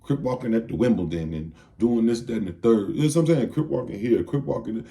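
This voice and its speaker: A man's voice: medium pitch, expressive, fast, creaky, mellow. A man giving a heated, profane commentary rant, firing off rhetorical questions. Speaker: video commentator.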